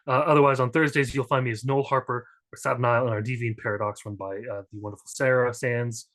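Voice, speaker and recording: A man's voice: medium pitch, fairly even intonation, fast talker, a bit bright. A man introducing himself on a tabletop gaming stream, rambling and joking, often interrupting himself. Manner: rambling, self-interrupting, jokey. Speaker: tabletop game player and game master.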